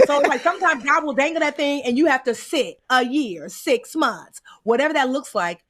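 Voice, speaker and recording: A woman from the United States, a guest telling stories in casual conversation, animated and acting out the voices she quotes, with folksy asides. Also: high voice, moderate pace, hardly any pauses.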